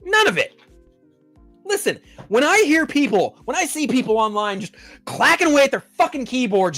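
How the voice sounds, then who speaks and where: A man's voice: very high-pitched, very animated, moderate pace, sharp tone, faint music behind. A man hosting a pop-culture show, ranting in a profane, exasperated and mocking way. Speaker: podcast host.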